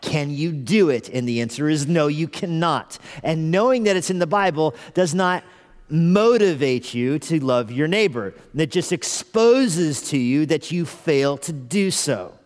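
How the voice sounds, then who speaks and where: A man's voice: a little high, animated, measured pace. A man preaching a conversational sermon as pastor, earnestly asking the congregation rhetorical questions and repeating phrases for emphasis. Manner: repeats phrases for emphasis, chuckles now and then. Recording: long hall reverb in a church.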